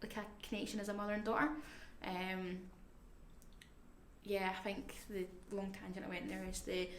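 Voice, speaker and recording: A woman, talking candidly in an interview about caring for a family member, speaking reflectively and haltingly, at times dropping to a near-whisper. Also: mid-range voice, level tone. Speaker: family carer. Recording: echoey room, faint background noise.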